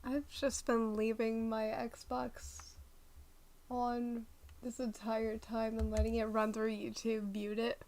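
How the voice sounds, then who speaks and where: Slow, flat-voiced woman streaming a game. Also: a little high, slight background noise. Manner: rambling, self-correcting chatter. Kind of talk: casual chat while playing.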